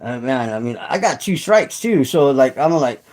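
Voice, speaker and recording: Audio is poor as a middle-aged channel host chats with his livestream viewers at normal speed. His medium-pitched voice is expressive and a little mellow, and he rambles and swears, often restarting and using fillers.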